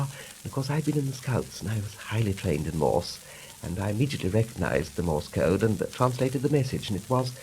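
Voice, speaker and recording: A man from Britain telling a deadpan 1930s stage comedy monologue in a dry manner. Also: fairly low pitch, brisk, a little hiss or hum, rough recording. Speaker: comic monologist.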